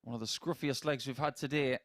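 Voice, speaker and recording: Measured male darts commentator. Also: mid-range voice, steady tone, fairly bright tone, a little hiss or hum. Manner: measured, analytical, dry humour. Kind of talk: live sports commentary.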